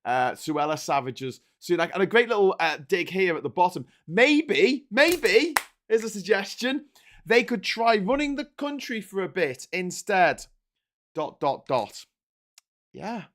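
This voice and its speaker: A man's voice: high voice, sing-song, unhurried, a bit bright. A man hosting a casual livestream, talking through the morning papers in a sarcastic, rambling way and laughing easily. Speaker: host.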